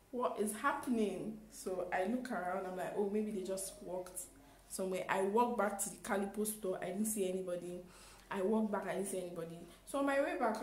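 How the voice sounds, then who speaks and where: A young woman, telling a storytime in an animated, exclaiming way with acted-out quotes. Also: medium pitch, echoey room, rough recording. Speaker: vlogger. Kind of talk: storytime vlog.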